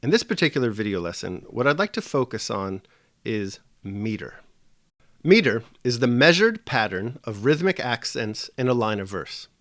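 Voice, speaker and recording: A man teaching a scripted video lesson on poetry in a measured, dry and wry manner. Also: mid-range voice, big pitch swings, fairly bright tone, dry recording.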